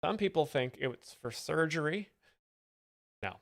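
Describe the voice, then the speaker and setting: Man, mock-expert commentator, pompous and deadpan, gravelly voice, dry close sound. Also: a little high, a little slow, no room sound. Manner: pompous, self-serious professorial persona. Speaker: comedic joke explainer host.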